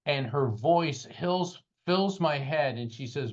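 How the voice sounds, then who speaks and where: A man telling a personal story as an interview guest, animated and dramatic, his voice rising at the intense moments. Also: slow pace, lo-fi sound. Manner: animated, dramatic retelling with rising pitch at peaks. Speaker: guest, psychic medium and lawyer.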